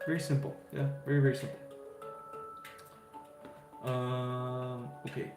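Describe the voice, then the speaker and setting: A man's voice: medium pitch, little pitch movement, a little slow. A man hosting a casual spiritual livestream, answering viewers' questions in an easygoing, reassuring way with many fillers and "right?" tags. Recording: roomy echo with faint music.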